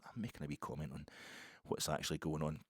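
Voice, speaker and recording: Rambling deep-voiced Scottish man. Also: fast, breathy edge, dry recording, studio quality. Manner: rambling, animated, self-interrupting. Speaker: football podcast host. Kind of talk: casual solo podcast monologue.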